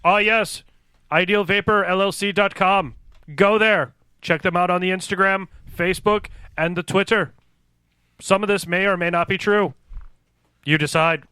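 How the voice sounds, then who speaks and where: Guy hosting a podcast, swearing and joking, high bright voice. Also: fairly even intonation, moderate pace, clean tone, dry recording. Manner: profane, joking, reads ad copy. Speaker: podcast host. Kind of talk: crude casual chat with friends.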